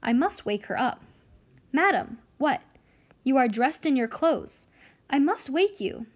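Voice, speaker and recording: A woman voicing a fussy older female nurse who scolds and gives orders, jumping up high in pitch when she cries out. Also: big pitch swings, a little slow, heavily acted. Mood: panicked. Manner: bossy, scolding, then wailing. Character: fussing older female nurse, bossy then panicked.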